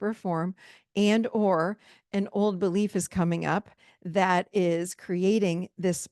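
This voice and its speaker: A woman podcast host and relationship coach gives solo advice, emphatic, direct, and conversational, calling her listeners "you guys." Her voice is fairly low, gravelly, and a little mellow, recorded with studio quality and no echo.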